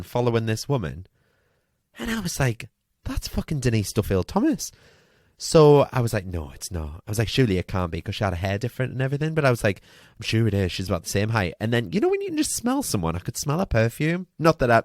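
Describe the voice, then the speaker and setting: A man's voice: medium pitch, no room sound. Chatty man, dry close mic. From Newcastle, UK. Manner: chatty, animated, lots of fillers and swearing. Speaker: podcast host. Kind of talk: casual storytelling monologue.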